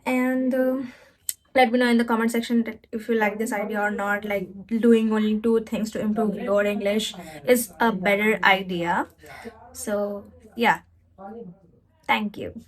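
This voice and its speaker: A woman's voice: medium pitch, fairly even intonation, unhurried, rough recording. A woman presenting a casual tutorial vlog as an English learning host, reassuring her viewers and often correcting herself mid-sentence. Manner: spells out words and demonstrates pronunciation.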